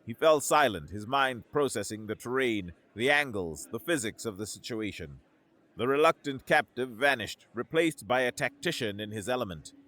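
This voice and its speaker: A man narrating a sci-fi story in a steady, even scripted delivery. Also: medium pitch, normal speed.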